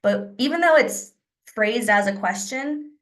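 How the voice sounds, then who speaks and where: Woman sales trainer on a video call, upbeat coaching delivery, acts out sample pitches. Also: expressive, measured pace.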